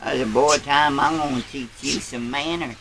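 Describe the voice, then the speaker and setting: A man's voice: mid-range voice, fairly even intonation, normal speed, vocal fry, crowd noise, lightly acted, low-quality recording. A man playing a boastful old country grandpa, telling a rambling tall tale in a folksy drawl. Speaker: storyteller. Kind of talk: character storytelling.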